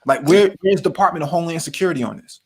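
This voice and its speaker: A man hosting a political talk show, speaking calmly with frequent brief agreements. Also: fairly high pitch, quick pace, husky. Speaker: host.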